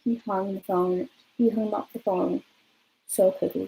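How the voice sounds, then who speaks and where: A young woman in her twenties spins a casual storytime for her viewers at a middle pitch. She talks in a loose, chatty way and fills her sentences with "like". A faint hiss sits under her voice. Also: measured pace, gravelly, low-quality recording. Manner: chatty, peppered with "like", lively retelling. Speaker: vlogger.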